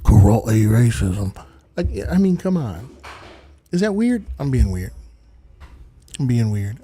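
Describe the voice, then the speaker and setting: A man's voice: medium pitch, big pitch swings, unhurried, dark tone, slight background noise. A man hosting a casual livestream, goofy and rambling, who repeats bits and slips into mock accents. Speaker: livestream host.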